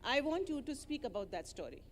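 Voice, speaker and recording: A woman leading children through an interactive story, animated and coaxing as she gives playful directions. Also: sits high, brisk, in a large hall, a little hiss or hum.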